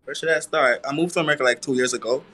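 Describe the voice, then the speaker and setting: A man's voice: medium pitch, very fast, sharp tone, a little hiss or hum. A man on a blind date call, talking in a flirty, put-on Jamaican accent. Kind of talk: casual chat on a call. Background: music under the talk.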